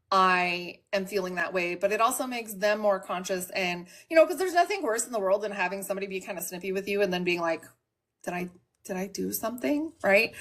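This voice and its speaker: A woman's voice: mid-range voice, fairly bright tone. Plain-spoken woman hosting a live chat. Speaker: livestream host. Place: home.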